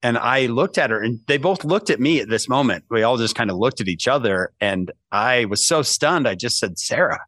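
A man, a podcast guest, telling a self-mocking story in casual, animated talk with lots of "right?" asides. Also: mid-range voice, moderate pace, few pauses, dry recording, studio quality. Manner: many restarts and asides like "right?".

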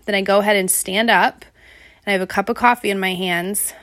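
Young woman, podcast host, chatty storyteller who laughs a lot, mid pitch. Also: steady tone, fairly quick, fairly bright tone, no echo, studio quality. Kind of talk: casual solo podcast chat.

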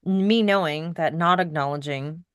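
A middle-aged woman co-hosting a podcast, telling a story in casual chat with soft laughs. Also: sits low, unhurried, smooth, no room sound, studio quality. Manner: reflective, storytelling, laughs softly between points. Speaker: podcast co-host.

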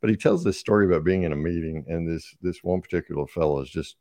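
A man in his sixties, a podcast guest who tells stories in a relaxed conversational way and laughs often. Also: low voice, fast, no room sound, studio quality. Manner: warm storyteller, laughs often. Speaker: guest speaker.

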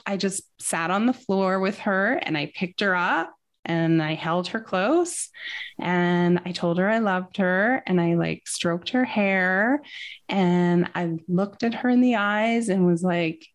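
A woman with a fairly low voice appears as a guest in a relaxed interview. She shares a personal story, sounding sincere and thoughtful.

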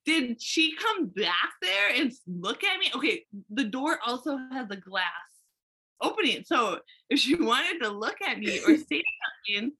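Lively bright-voiced woman telling a story. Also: high voice, normal speed, breathy edge. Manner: animated, full of "like" and restarts. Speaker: hairstylist. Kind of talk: casual storytelling.

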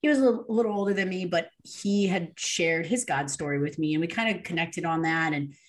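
A woman guest recounts her story in an animated, chatty way, with plenty of fillers and reenacted dialogue. Her voice sits notably low for a woman. She sounds relaxed and unscripted. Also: brisk. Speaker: podcast guest. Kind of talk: casual storytelling testimony.

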